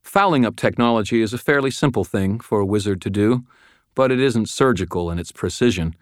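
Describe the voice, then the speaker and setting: Man, low deep voice, first-person audiobook narration, measured and dramatic, close dry recording. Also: no echo. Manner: measured, dramatic, dropping to a near murmur.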